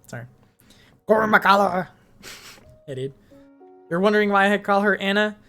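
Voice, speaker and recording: A woman's voice: mid-range voice, expressive, moderate pace, fairly bright tone. A young woman streamer chatting casually and reading fanfiction aloud, swearing, giggling and rambling with many fillers. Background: faint music.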